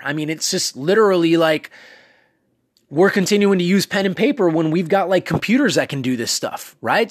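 A man's voice: on the high side, breathy edge, dry recording, clean studio sound. A man hosting a casual motivational talk, coaching listeners in a conversational way with many fillers and asides. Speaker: self-improvement podcast host.

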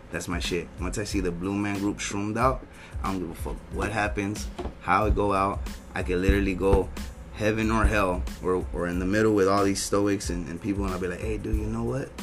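A young man with a lowish voice spins loose, profane stories on a casual podcast. Music plays clearly underneath him. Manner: loose slangy rambling, heavy swearing. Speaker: podcast co-host. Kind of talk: casual storytelling chat.

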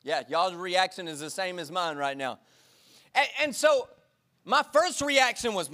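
A man preaching a sermon to his congregation in church, energetic and exhorting, drawing call-and-response from the crowd. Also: high voice, normal speed. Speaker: pastor.

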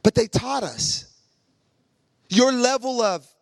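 A man preaching with comic stories, acting out each voice and stammering when he gets excited. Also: very high voice, slow pace, gravelly, dry recording. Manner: animated, acts out every voice in his stories. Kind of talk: comic storytelling sermon.

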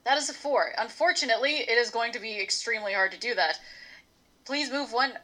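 A woman's voice: fairly high pitch, a little fast, pushed and bright. A woman narrating as game master of a tabletop role-playing game, playful and swearing casually.

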